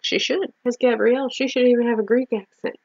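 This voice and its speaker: A woman's voice: on the high side, steady tone, a little fast, creaky, a little mellow, dry recording. A woman co-hosting a podcast, chatting casually and teasing her co-host as she recaps an episode. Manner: teasing, jokey, quotes lines in put-on voices. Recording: dull, lo-fi podcast audio.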